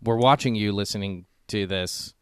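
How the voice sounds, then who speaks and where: A man's voice: lowish voice, normal speed, smooth. A man hosting a podcast in casual comedic chat, joking and swearing casually into a headset. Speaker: podcast host.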